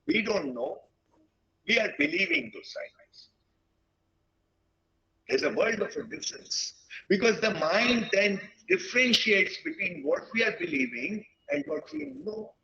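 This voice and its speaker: A man in his sixties speaks slowly and earnestly, often stopping mid-thought. His voice sits high and bright and rises and falls a lot. The sound is dull and lo-fi, like webinar audio. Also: big pitch swings, creaky. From India. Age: 60s. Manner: reflective, earnest, pauses often mid-sentence. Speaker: guest speaker at a teachers' webinar. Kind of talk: lecture-style talk.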